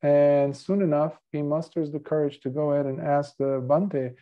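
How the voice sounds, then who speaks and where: A male Buddhist monk giving a dharma talk, telling a story in an earnest, measured way. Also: fairly high pitch, fairly even intonation. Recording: dull lo-fi recording.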